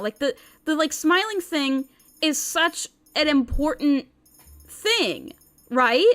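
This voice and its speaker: A woman's voice: high-pitched, animated, takes it slowly, fairly bright tone. A young woman streaming a visual novel, commenting in an exasperated, incredulous way with lots of repeated words and rambling, and reading the game text aloud.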